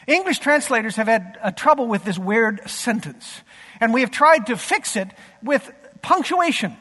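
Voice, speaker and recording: High-voiced pastor in a reverberant hall. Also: male voice, animated, normal speed, pushed and bright. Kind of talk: sermon.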